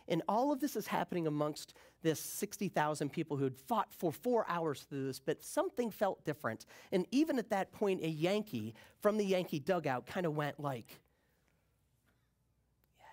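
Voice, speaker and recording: A man giving a conference talk, telling a personal story casually and acting out the people in it. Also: a little high. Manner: animated, acts out the people in his stories; casual, slangy. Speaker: keynote speaker.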